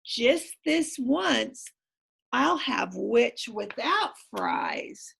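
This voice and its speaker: A woman's voice: fairly high pitch, very animated, very slow, gravelly, a bit bright, husky, exaggerated voice. A woman reading as a mean hungry dragon. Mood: menacing. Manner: gloating, then spluttering apologies.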